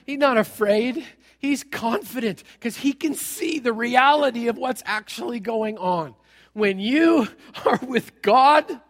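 A man preaching a sermon in a church hall, telling a story with humor and acting out the characters. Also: very high-pitched. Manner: animated storytelling, acts out characters, jokey. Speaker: pastor.

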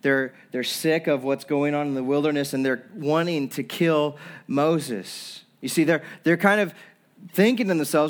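A man's voice: on the high side, a little slow. A young man preaching a sermon as pastor, earnest, with frequent restarts and acting out people's complaints. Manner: earnest preaching with repeated restarts and acted-out quotes.

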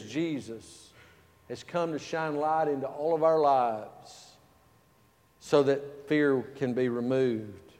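A male pastor preaching in a church, his slightly higher voice carrying a long hall reverb. He tells stories, swinging between loud, stressed lines and quiet, hushed passages. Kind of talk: sermon with personal storytelling. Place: church sanctuary.

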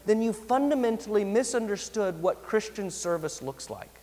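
A man preaching a sermon as pastor, earnest, slowing down to stress key phrases. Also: high voice, lively intonation, darkish tone, big-room sound.

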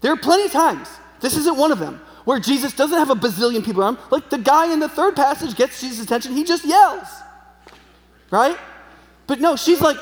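A man preaching a sermon in a conversational way, often checking in with the audience. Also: very high-pitched. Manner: conversational, frequent tag questions. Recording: long hall reverb.

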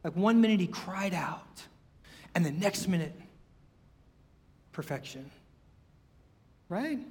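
A man's voice: sits high, expressive, takes it slowly, a little mellow, big-room sound. A man preaching a sermon in a conversational way, full of rhetorical questions and acted-out quotes.

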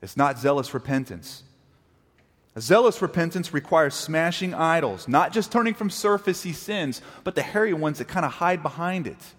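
A man preaching a sermon as pastor, animated, acting out quoted apologies and arguments. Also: on the high side, moderate pace, few pauses. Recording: long reverb of a large hall.

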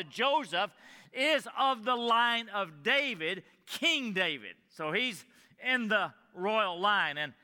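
A man with a high, very bright voice preaches an earnest sermon, repeating key phrases for emphasis. At times he drops to a hushed, intimate tone. The sound carries a long reverb from the church hall. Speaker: pastor.

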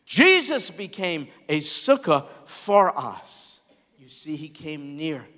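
Man, pastor, sermon, high lively voice, slow delivery, expressive, long hall echo. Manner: expressive preaching with wide swings in loudness.

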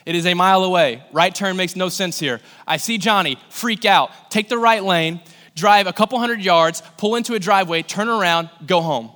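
Young man, pastor, sermon, high bright voice, casual storytelling, long church-hall reverb. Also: moderate pace. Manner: conversational, animated storytelling with acted-out asides.

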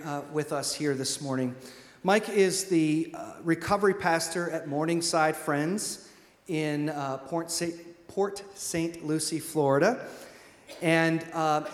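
Hesitant pastor in a reverberant church. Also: male voice, a little high. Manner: hesitant, many fillers. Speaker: church pastor, introducing the guest. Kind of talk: introduction from the pulpit. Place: church hall. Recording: roomy church hall with long reverb.

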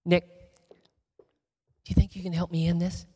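Texan man guest speaker, husky, storytelling that drops into whispers, long hall echo. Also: sits high, normal speed. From Texas. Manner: shifts from lively storytelling to soft emotional whispers. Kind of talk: inspirational storytelling talk.

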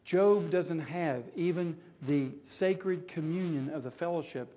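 A man preaching a sermon in a slightly higher voice. He drives his points with loud, rising rhetorical questions, then drops into hushed, intimate tones. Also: a little slow.

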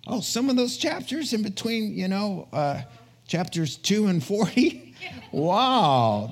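A man preaching a conversational sermon in an earnest, chatty way, often checking in with his listeners. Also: high-pitched. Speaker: pastor.

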